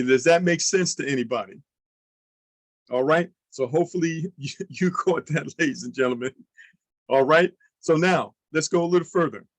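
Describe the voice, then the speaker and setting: A man runs an online sales training, speaking in a lively coaching manner and checking in with his audience. His voice sits a little high for a man. The sound is dry and close, with no room echo. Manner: energetic, coaching, asks the audience questions.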